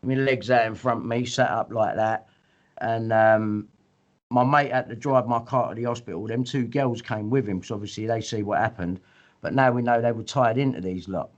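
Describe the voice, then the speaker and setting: Middle-aged man, mid-pitched, blunt and rambling storyteller, muffled recording. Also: moderate pace. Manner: rambling and blunt, swears often, acts out quoted speech. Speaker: guest. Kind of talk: casual storytelling. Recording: muffled lo-fi audio.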